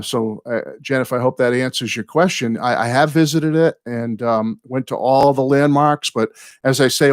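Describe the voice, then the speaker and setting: Hosting a live chat, a chatty American storyteller in his sixties wanders from tale to tale, apologizing frequently and staying warm toward viewers with plenty of thanks. He has a mid-range voice, and there's no room sound.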